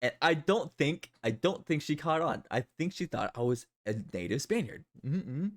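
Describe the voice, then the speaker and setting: A man's voice: fairly high pitch, animated, normal speed. A man streaming live, chatting casually and rambling, often repeating his own phrases.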